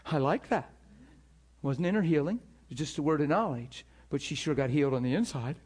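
A man preaching a sermon, telling stories in an animated, emphatic way and acting out the people he quotes. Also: fairly high pitch, brisk, slightly rough. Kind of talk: sermon storytelling.

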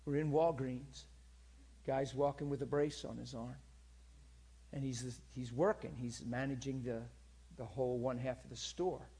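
A man's voice: mid-range voice, warm tone, husky. A man preaching, telling a story in an earnest, conversational way and speaking straight to his listeners. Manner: earnest, conversational, direct address. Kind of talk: sermon storytelling.

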